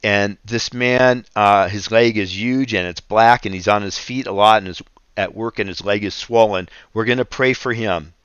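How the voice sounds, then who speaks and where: Guy doing a slow earnest radio bible talk, low smooth voice, kinda dull lo-fi sound. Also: fairly bright tone, no echo. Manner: slow, earnest, reads scripture aloud. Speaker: radio ministry host. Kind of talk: radio devotional teaching.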